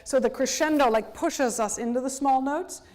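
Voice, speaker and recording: A woman's voice: high-pitched, normal speed. Woman composer lecturing, scatting rhythms. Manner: sings rhythms out in syllables to illustrate music; animated, detail-focused explanation. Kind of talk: university lecture.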